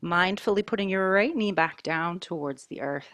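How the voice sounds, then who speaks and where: A woman teaching a yoga class, giving calm, mindful cues about breath and poses while wearing a mic. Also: fairly low pitch, no room sound, clean studio sound. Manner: calm, slow, mindful cueing. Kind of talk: guided yoga class instruction.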